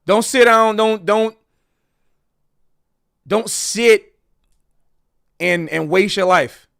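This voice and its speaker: Earnest, rambling man with high voice. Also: extremely slow, creaky, a bit bright, smooth. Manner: earnest, rambling, repeats himself. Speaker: streamer and jazz educator. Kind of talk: casual livestream monologue.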